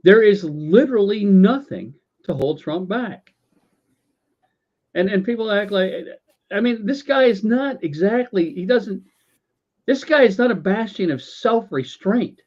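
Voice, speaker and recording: Ranting about politics on a casual talk show, a male co-host swears, stammers, restarts and gets sarcastic. His high voice is expressive and a little mellow, delivered at a measured pace. The audio is dull and lo-fi.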